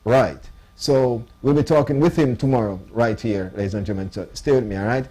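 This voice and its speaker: A man with a mellow, relaxed voice hosting a live radio stream. He thanks his guests and runs through the schedule in an upbeat announcer's patter, with a mid-range pitch. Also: a little fast, hardly any pauses, breathy edge. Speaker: radio show host. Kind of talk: live radio show wrap-up.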